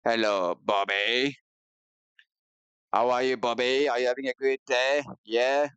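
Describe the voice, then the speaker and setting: A man's voice: medium pitch, steady tone, measured pace, fairly bright tone, clear, resonant tone, dry recording. Rambling man streaming on a cheap headset. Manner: rambling, playful, self-mocking. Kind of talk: casual gaming stream chat. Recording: dull lo-fi headset audio.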